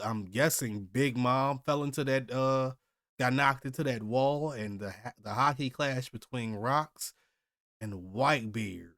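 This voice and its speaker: A man's voice: medium pitch, fairly bright tone, no echo, studio quality. A man hosting a comic reaction video, reading the chapter aloud and reacting casually, often thinking aloud with hesitant restarts. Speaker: host.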